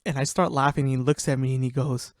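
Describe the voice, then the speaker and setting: In clean, dry studio sound, a young man hosting a podcast rattles off casual stories about his friends at a fast clip. His mid-range voice is animated, full of profanity and laughter.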